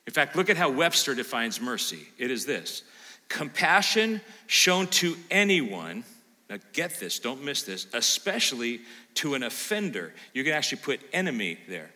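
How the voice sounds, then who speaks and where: Pastor, male, very bright tone; lively sermon with asides to the congregation, long church reverb. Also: medium pitch, normal speed. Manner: animated, plays out imagined listener lines, quizzes the congregation. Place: church sanctuary.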